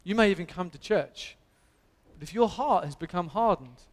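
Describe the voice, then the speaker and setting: Englishman, earnest emphatic preacher, high voice, long church reverb. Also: expressive, normal speed. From England. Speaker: pastor. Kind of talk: sermon. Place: church hall.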